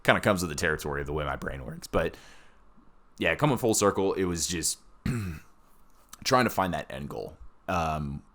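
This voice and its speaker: A man's voice: low voice, animated, normal speed, a bit bright. A man, a war veteran, telling his story in casual, profane podcast chat, blunt and often laughing.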